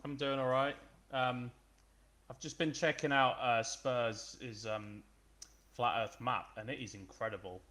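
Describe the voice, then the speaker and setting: A man's voice: medium pitch, fairly even intonation, unhurried, bright, forceful tone. A man joining a casual livestream chat as a guest, talking hesitantly with many fillers.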